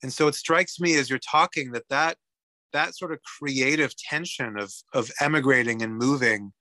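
Canadian therapist guy, bright voice, dry close sound, thinks out loud a lot. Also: mid-range voice, moderate pace, dry recording. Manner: animated, musing, frequent "right?" tags. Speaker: psychotherapist guest. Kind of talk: reflective conversational interview.

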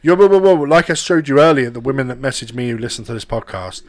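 A man's voice: mid-range voice, lively intonation, fast talker. A young man with a London accent hosting a casual podcast, rambling through stories, swearing freely and laughing often. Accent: London English. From London, England. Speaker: podcast host.

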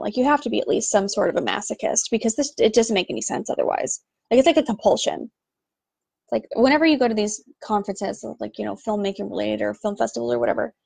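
Female podcast host, casual sarcastic rant; slightly high, gravelly voice. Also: dry recording. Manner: exasperated, sarcastic, lots of "like". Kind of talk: casual ranting monologue.

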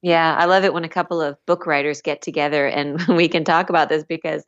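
A woman author guesting on a podcast, telling stories in an animated way and laughing as she talks. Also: low voice, a little fast, dull audio. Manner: animated storyteller, laughs while talking. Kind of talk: casual chat.

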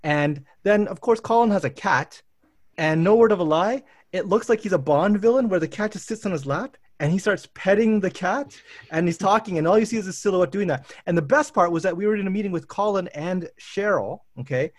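A man in his thirties hosts a casual chat and tells lively, wandering stories about work and family life, often stopping and restarting mid-sentence. His voice sits a little high for a man. The sound is very dry and close, with no room echo. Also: a little fast. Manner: animated, rambling anecdotes with restarts. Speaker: professor and host.

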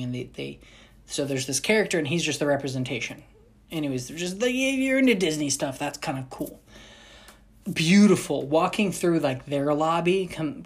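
A young woman vlogger chatting casually, rambling with frequent restarts and self-corrections. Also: low-pitched. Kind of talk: casual chat.

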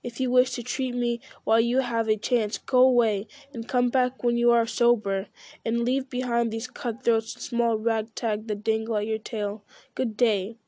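A bitter, proud old male wizard sneering at his rival, read aloud by a woman. Her voice stays fairly high and flat. The recording is dry and close. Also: normal speed, no room sound, natural voice. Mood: scornful. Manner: scornful, rising to loud shouts.

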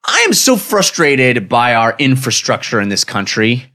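A man's voice: medium pitch, big pitch swings, moderate pace, sharp tone. A man co-hosting a casual, joking podcast and laughing often as he riffs. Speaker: podcast co-host. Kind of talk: casual comedic chat.

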